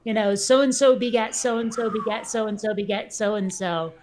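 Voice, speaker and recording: A woman's voice: a little high, steady tone, a little slow, a little mellow, slight background noise. A woman hosting a casual chat show, talking loosely and laughing at herself while reading aloud. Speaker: show host.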